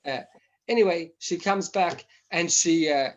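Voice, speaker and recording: A man with a slightly high voice gives an informal teaching class. He talks haltingly, full of fillers and restarts, and brings stories to life by acting out the people in them. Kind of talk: informal memorial class talk.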